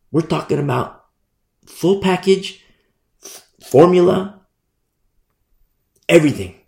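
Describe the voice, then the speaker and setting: A middle-aged man preaching a sermon as pastor, animated and repetitive, with many asides. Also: a little high, slow pace, creaky, long pauses, echoey room.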